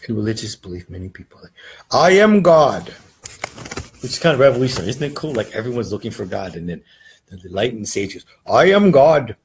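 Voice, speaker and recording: A man's voice: on the low side, racing, slightly rough, poor audio. A man giving a casual, rambling meditation lesson, earnest and often checking in with "right?". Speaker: meditation teacher.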